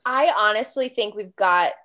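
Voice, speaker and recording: A woman's voice: mid-range voice, normal speed, bright, forceful tone. A woman guest on a podcast, chatting casually and bluntly about her college football team. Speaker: guest fan.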